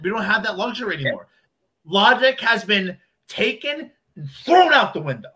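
A man co-hosting a casual chat, animated and acting out imagined voices as he argues. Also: sits high, moderate pace. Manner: animated, acts out voices in quotes.

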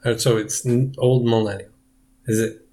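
A man's voice: medium pitch, fairly even intonation, moderate pace, dark tone. A man co-hosting a comedy podcast in casual chat, leading the bits and quizzing his co-host.

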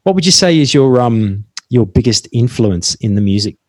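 An Australian man hosts a relaxed podcast in an easygoing, matey voice. He jokes and teases his guest. His voice sits at a middle pitch, and the recording is dry. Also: normal speed, no room sound. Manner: laid-back, jokey, matey. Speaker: podcast host. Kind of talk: casual podcast interview.

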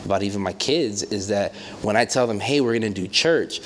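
A man preaches in a loose, conversational way. He acts out quotes as he tells stories, and his voice sits a little low. Faint room ambience hums behind him. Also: a little fast, slight background noise. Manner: animated storytelling with acted quotes and many fillers. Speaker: pastor. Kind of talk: conversational sermon.

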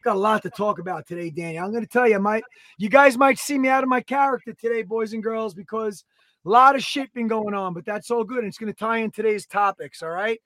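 A man in his thirties co-hosting a podcast, talking loudly in an excitable, joking and profane way. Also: sits high, fast, no room sound. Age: 30s. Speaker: podcast co-host. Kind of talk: casual podcast banter.

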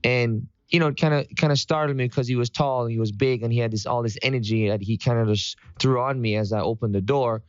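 A man's voice: mid-range voice, fairly even intonation, fast talker, few pauses, no room sound, highs cut off. A man giving an upbeat, preachy motivational morning talk to his followers. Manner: preachy and upbeat, with sung greetings.

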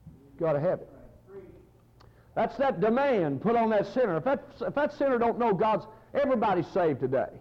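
A man's voice: sits high, very animated, moderate pace. A man preaching a fiery, folksy sermon full of stories. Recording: muffled lo-fi sermon recording.

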